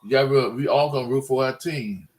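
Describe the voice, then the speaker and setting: A man's voice: mid-range voice, moderate pace, low-quality recording. A man ranting in a casual monologue, frustrated and rambling, often restarting his sentences. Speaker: sports fan vlogger.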